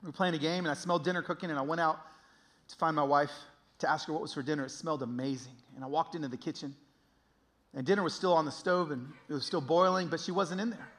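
A man in his thirties giving an emotional sermon testimony, swinging from hushed to loud. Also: a little high, steady tone, quick pace.

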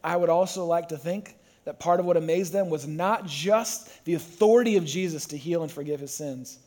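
A man's voice: on the high side, moderate pace, a little mellow. A man preaching a sermon to a congregation, who tells the story with energy and acts out the voices. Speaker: pastor.

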